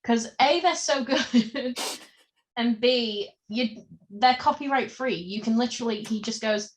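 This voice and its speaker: A woman's voice: fairly high pitch, measured pace. A woman co-hosting a podcast in casual chat, rambling through tangents with lots of fillers. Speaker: podcast co-host.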